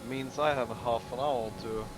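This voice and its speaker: A man's voice: mid-range voice, steady tone, moderate pace, noisy background. A man who is a guest driver, answering briefly and easygoing on a stream call. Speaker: guest driver in the comms booth.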